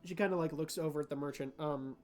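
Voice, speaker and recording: A man's voice: on the high side, fast, a little mellow, soft background music. A man narrating as game master in a tabletop game. His narration is loose and casual, full of fillers and restarts.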